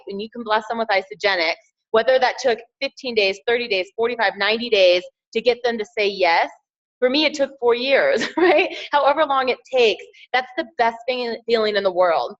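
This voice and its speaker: A woman's voice: a little high, lo-fi sound. A woman giving an upbeat motivational training talk as a team trainer, encouraging her listeners and repeating key phrases.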